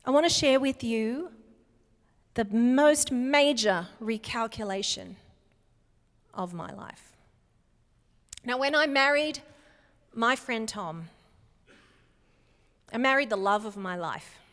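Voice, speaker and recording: Woman keynote speaker, measured and deliberate, clearly enunciated, long hall echo. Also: a little high, fairly bright tone. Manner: slow, emphatic, clearly enunciated delivery. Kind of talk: motivational keynote talk. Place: large hall before a live audience.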